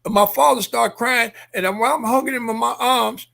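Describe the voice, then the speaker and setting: High, gravelly older man telling stories. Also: steady tone, fairly quick, bright, forceful tone. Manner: emphatic, checks in with 'Okay?' and 'Understand?'. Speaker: guest, activist and former Olympian. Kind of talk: impassioned storytelling.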